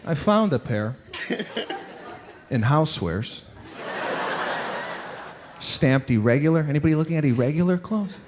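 Exasperated stand-up comic, high lively voice. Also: male voice, measured pace, long pauses, noisy background. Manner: exasperated, animated storytelling with acted-out impressions. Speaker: stand-up comedian. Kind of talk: stand-up comedy routine. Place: stage before a live audience.

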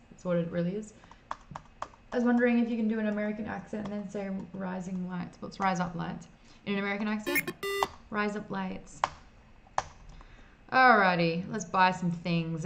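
Her voice is medium in pitch with fairly even intonation, and she talks a little fast. She offers casual commentary while streaming an old computer game and reading chat, over slightly dull mic audio carrying faint noise.

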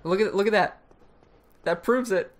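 A woman's voice: medium pitch, moderate pace, noisy background. A woman co-hosting a casual gaming show, reading aloud with sarcastic mock enthusiasm. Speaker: co-host.

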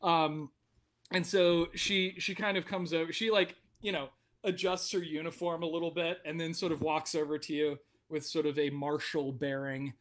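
A man's voice: on the high side, little pitch movement, moderate pace, fairly bright tone. A man from Virginia narrating as game master of a tabletop game, rambling and self-mocking.

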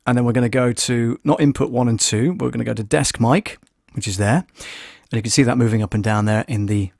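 Chatty man walking through audio software. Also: mid-range voice, creaky, no room sound, studio quality. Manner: chatty, thinking aloud with many fillers. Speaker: audio producer and live stream host. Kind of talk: casual software tutorial live stream.

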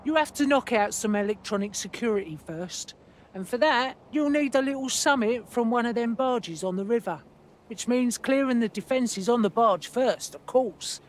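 A woman's voice: a little high, moderate pace, a little hiss or hum, close to an everyday voice. A woman voicing a blunt, foul-mouthed London resistance contact in a game briefing, with a London accent. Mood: scornful. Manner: blunt, sweary, slangy briefing. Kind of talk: video game mission briefing.

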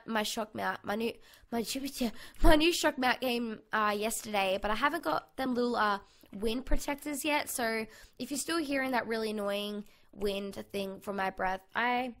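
Bright, high Australian woman with a gravelly edge, chatty gaming YouTuber commentating her own play. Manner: bubbly, excitable, chatty. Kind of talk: casual gameplay commentary. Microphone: USB condenser mic on a desk.

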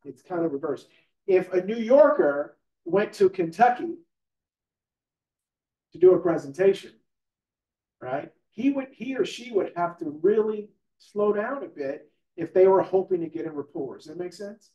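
A man with a high voice teaches a live training class, talking casually and checking in with the room. The sound is roomy and echoey. He is picked up from some distance away. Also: animated, moderate pace, lo-fi sound. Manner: conversational, asks the room questions, repeats "right?". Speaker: real estate trainer.

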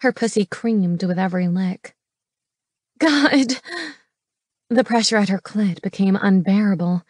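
A woman narrating a romance audiobook in a measured, intimate reading from a studio booth on a close mic. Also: medium pitch, steady tone, dark tone, dry recording.

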